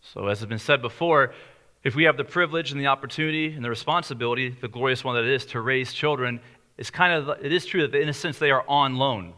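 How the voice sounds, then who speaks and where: A man preaching a sermon in a conversational way, slowing down on key lines for emphasis. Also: mid-range voice, pushed and bright. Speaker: pastor.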